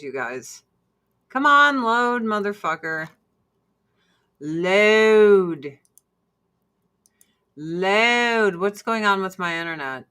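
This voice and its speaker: A woman's voice: mid-range voice, sharp tone. A woman in her forties chatting casually to her viewers, blunt and profane, breaking off to scold and coo at her cats. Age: 40s. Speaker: vlog host. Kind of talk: casual livestream chat.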